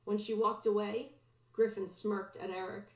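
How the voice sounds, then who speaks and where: Woman teacher, storybook read-aloud, mid-pitched, echoey and muffled room sound. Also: level tone, normal speed. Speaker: teacher reading aloud to students. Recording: roomy, dull lo-fi recording.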